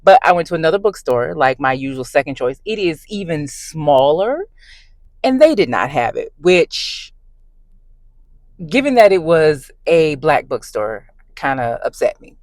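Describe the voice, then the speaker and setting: A woman with a low-pitched voice vents in a casual vlog rant, emphatic and conversational as she tells her story. The sound is close and dry, with almost no room echo. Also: sing-song, measured pace, a little mellow. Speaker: book vlogger. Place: in her car.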